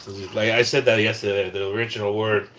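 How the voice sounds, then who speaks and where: Heavy background noise surrounds this fast-talking Californian, whose voice is on the low side and level in tone. Livestreaming casual chat while shaky from low blood sugar, he rambles, swears and repeatedly trails off and restarts.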